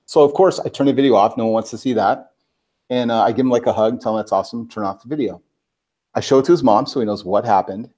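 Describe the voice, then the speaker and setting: A man, a guest on a talk show, telling a personal story in casual, animated talk, full of filler words and acted-out quotes. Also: mid-range voice, quick pace. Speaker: guest, personal branding expert.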